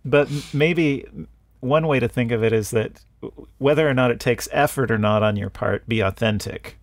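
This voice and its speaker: Gravelly-voiced male interviewer. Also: mid-range voice, dry recording, studio quality. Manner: thoughtful, halting, brief prompts. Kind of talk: casual interview.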